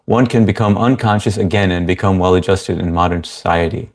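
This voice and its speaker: Brief: male livestream host, lowish voice, easygoing chat, reads comments and greets viewers. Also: little pitch movement, fairly quick. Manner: easygoing, greets viewers by name, frequent fillers.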